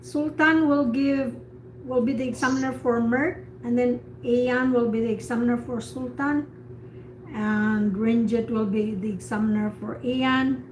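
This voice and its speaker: Higher-voiced woman tutoring on a call. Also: fairly even intonation, a little mellow. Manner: patient, repeats words slowly to model pronunciation. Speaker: English speaking tutor. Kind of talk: online speaking practice class. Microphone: video call. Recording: echoey room with faint noise, video call.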